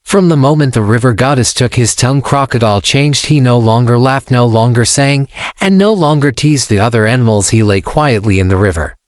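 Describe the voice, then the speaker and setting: A male storyteller reading a folktale in simple, even storytelling. His voice sits at a middle pitch. The recording is dry and close with no room sound. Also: fairly quick, dry recording. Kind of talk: scripted folktale narration.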